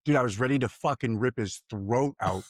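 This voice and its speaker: A man's voice: mid-range voice, brisk, no echo, clean studio sound. A man telling a personal story in a casual podcast chat, candid and profane, laughing often. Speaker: podcast co-host.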